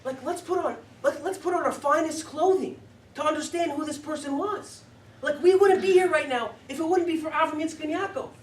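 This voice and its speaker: A man voicing a solemn, earnest religious teacher who speaks quietly. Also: extremely high pitch, a little fast, roomy sound, far from the mic. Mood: reverent. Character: solemn, reverent older male religious teacher.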